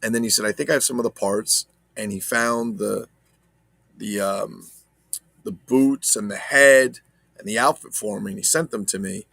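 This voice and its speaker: Low gravelly guy rambling about action figures, cussing, chatting to viewers, dry room. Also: fairly even intonation, normal speed, a bit bright, no echo. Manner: rambling, swearing, talks to live chat viewers. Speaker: toy collector vlogger. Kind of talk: casual unboxing chat.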